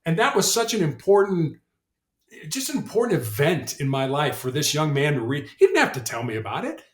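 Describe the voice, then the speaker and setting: His voice a little high, a middle-aged motivational speaker talks fairly quickly and with lots of animation. During this storytelling podcast interview he comes across as earnest, tends to repeat words when launching a sentence, and the audio has a roomy echo.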